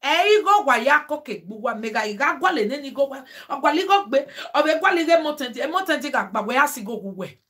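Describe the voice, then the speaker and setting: A woman's voice: high voice, lively intonation, fast, hardly any pauses, a bit bright. A woman vlogger with a Nigerian Pidgin accent, talking casually and emphatically to her viewers with preachy asides. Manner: emphatic, exclaiming.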